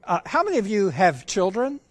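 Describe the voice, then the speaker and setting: A man's voice: high-pitched, wildly swooping pitch, a little fast. A man preaching a sermon, drawing in the audience with questions and acting out the dialogue of a family story. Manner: engaging, asks the audience questions.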